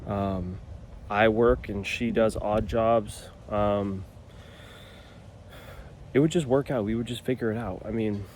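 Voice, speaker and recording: A man's voice: on the low side, steady tone, takes it slowly, pauses often, a little mellow, a little hiss or hum. A man in his twenties, a new father talking casually and earnestly to camera, rambling a little and restarting his sentences. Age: 20s.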